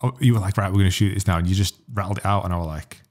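A man's voice: low voice, steady tone, very fast, a little mellow. A man hosting a casual interview, jokey and teasing his guest.

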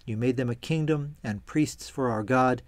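A man giving a measured, reverent reading of scripture followed by a calm reflection, delivered deliberately for a church series. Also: medium pitch, no echo. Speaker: church reader and teacher.

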